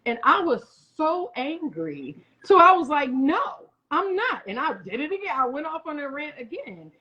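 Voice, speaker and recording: A guest chef in her 40s, with a high-ish voice, tells stories at normal speed in a casual interview. She is animated and acts out the people she quotes in their own voices, and the audio is muffled and lo-fi.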